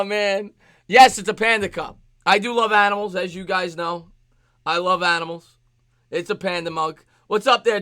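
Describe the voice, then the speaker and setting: A man hosting a live sports stream, greeting chat viewers by name in quick shout-outs. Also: sits high, dry recording.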